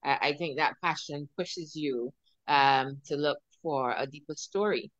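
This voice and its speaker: A woman's voice: low voice, a little slow, no echo. A woman hosting a podcast interview who speaks hesitantly, with many filler sounds. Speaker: podcast host. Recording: dry, dull lo-fi sound.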